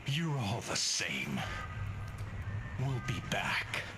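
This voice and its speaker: A man's voice: lowish voice, sing-song, very slow, music in the background, heavily acted. An actor voicing a defiant, bitter male rebel fighter in a video game. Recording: noisy, quiet game audio from far.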